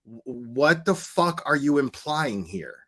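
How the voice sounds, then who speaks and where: A commentary streamer, male, with a medium-pitched, fairly bright voice that swings widely in pitch and moves at a slow pace. He delivers heated reaction commentary, swearing often and stammering over his words when he gets worked up.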